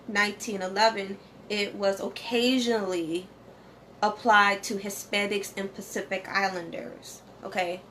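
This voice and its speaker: Woman vlog host, relaxed and slow, chatty teaching tone, trips over hard words while reading aloud. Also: medium pitch, slight background noise. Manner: conversational, often checks in with "okay?"; reads source text aloud, stumbles over pronunciations. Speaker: channel host. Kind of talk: casual educational vlog.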